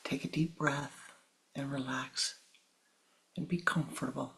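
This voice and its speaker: Soft, gravelly spiritual teacher. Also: mid-range voice, steady tone, slight background noise, poor audio. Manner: slow, soft, partly whispered. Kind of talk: sermon with storytelling.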